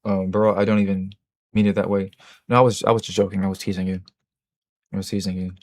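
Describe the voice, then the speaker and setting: A man's voice: low-pitched, flat delivery, quick pace, dry recording. A man hosting a livestream, chatting casually and answering his chat in a rambling, joking, self-mocking way with many restarts. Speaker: livestream host.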